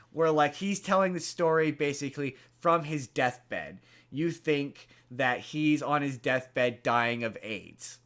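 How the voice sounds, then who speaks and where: A man's voice: a little high, a bit bright, clean tone. A man hosting a podcast, casually retelling a movie's plot in a rambling way, full of fillers and restarts. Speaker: podcast host.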